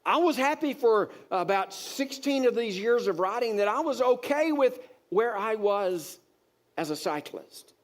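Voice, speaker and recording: A man preaching a sermon, telling a personal story with many fillers and repeated words, growing animated and exasperated with rising emphasis. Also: sits high. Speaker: pastor.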